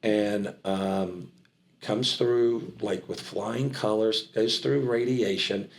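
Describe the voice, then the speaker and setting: Middle-aged american guy with a bit of southern twang, low voice, rambly excited storyteller, echoey room. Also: slow pace, gravelly. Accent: American, with a trace of Southern. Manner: rambling, animated storyteller with frequent restarts. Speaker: charity founder and auctioneer. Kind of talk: casual interview talk.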